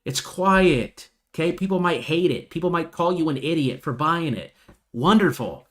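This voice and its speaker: A man's voice: on the high side, animated, moderate pace. A man hosting a live trading stream, talking animatedly and mocking impatient retail traders. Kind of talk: live stream market commentary.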